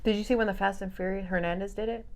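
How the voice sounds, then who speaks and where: A woman guest in a casual podcast chat, reacting with quick interjections. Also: medium pitch, steady tone, darkish tone.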